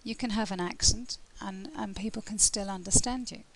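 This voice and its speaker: British woman tutor, relaxed and chatty. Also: medium pitch, normal speed, a little hiss or hum, rough recording. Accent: British English. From Britain. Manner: relaxed and conversational, with frequent fillers and restarts. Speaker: language test tutor. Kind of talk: lesson explaining test criteria.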